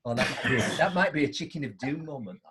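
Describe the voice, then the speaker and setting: A middle-aged man hosting a live online show tells anecdotes in a lively, chatty manner, performing both sides of each exchange. His voice sits in the mid range and he speaks quickly.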